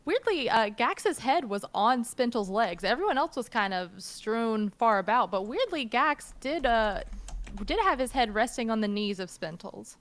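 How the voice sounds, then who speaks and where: A woman's voice: on the high side, sing-song, moderate pace. A woman narrating a tabletop game as game master, describing scenes loosely with plenty of fillers.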